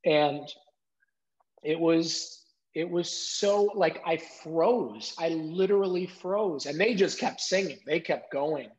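A middle-aged man telling an emotional story as an interview guest, animated, acting out quotes and using many "like" fillers. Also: on the high side, takes it slowly. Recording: dull lo-fi sound.

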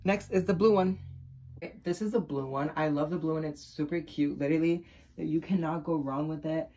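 A young adult vlogger chatting through an unboxing, excitable and gushing, swearing freely and breaking into delighted squeals. The voice sits at a middling pitch. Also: moderate pace. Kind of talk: casual unboxing vlog.

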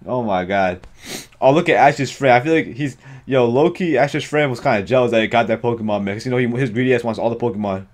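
Excitable man reacting live, slangy and profane. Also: medium pitch, fast. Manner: excitable, slangy, swears often, frequent exclamations. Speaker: reaction video host.

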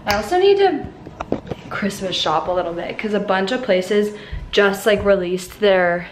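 A woman's voice: medium pitch, animated, unhurried, slight background noise. A young woman in college chatting casually to the camera in a vlog, with lots of "like" fillers. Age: young adult. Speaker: vlogger. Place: at home and out on errands.

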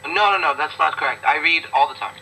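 A man's voice: a little high, fast talker, vocal fry, pushed and bright, slightly rough, poor audio. A man answering interview questions in a blunt, emphatic, profane way, often repeating himself for emphasis. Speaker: interview guest, business owner. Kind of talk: casual interview talk.

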